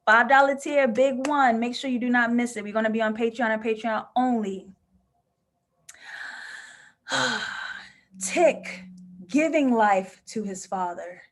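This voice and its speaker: A woman's voice: a little high, unhurried, long pauses. A woman hosting a live TV episode review and reading viewer comments, talking passionately and emotionally. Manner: passionate and emotional, given to sudden laughing outbursts. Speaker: host of a live TV review show.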